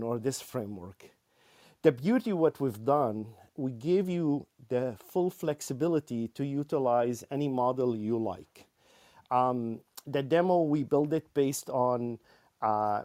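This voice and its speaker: A man on a panel, explaining a software setup in a loose, conversational way with many fillers and restarts. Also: mid-range voice. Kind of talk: conversational tech panel discussion.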